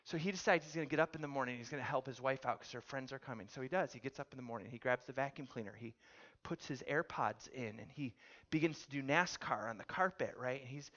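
A man preaching a sermon, telling a story with animated delivery and putting questions to his audience. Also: medium pitch, fast talker, dull audio. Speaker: pastor.

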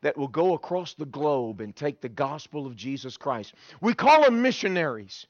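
A man preaching a sermon, telling his own story in an animated way with quick restarts and repeated words. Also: a little high, no room sound. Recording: dull, dry sound.

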